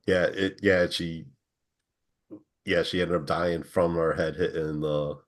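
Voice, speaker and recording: A man's voice: low voice, flat delivery, slow. A man talking casually in a book club discussion, hesitant and full of restarts. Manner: hesitant, many fillers and restarts, laughs.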